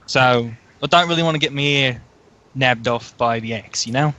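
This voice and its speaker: A man voicing a gruff Australian male underworld contact with a put-on Australian accent and blokey slang. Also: mid-range voice, normal speed, bright, forceful tone, natural voice.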